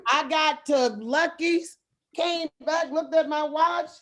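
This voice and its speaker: A woman with a high, bright-sounding voice tells stories from her own life. She talks with animated energy and breaks into laughter as she goes. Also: slow pace. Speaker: guest. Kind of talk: lively personal storytelling.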